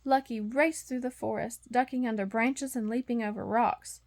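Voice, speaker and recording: A woman reading a bedtime storybook aloud, expressive and acting out the sound effects. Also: on the high side, moderate pace, a little hiss or hum. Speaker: storybook reader.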